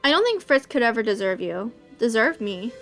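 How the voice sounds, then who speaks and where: A woman voicing a brooding young man, a dark wolfish rival, reading a visual novel aloud in a low, soft, wistful way. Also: big pitch swings, a little fast, soft background music.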